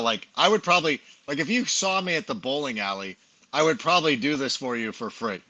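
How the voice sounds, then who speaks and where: Animated, bright-voiced middle-aged man rambling. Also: medium pitch, brisk. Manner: rambling, self-deprecating storyteller with many fillers. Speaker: podcast guest, fantasy football analyst. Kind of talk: casual chat.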